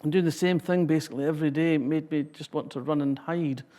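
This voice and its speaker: A woman's voice: low voice, fairly even intonation, fast, warm tone. A Scottish woman in her sixties giving a public talk, reading a passage and then telling wry, humorous anecdotes.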